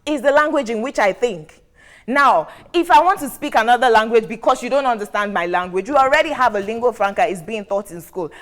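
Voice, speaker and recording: A woman's voice: fairly high pitch, animated, fairly bright tone. Firm Nigerian woman arguing a debate. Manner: measured, firm, rhetorical repetition. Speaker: debate guest. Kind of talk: formal debate argument.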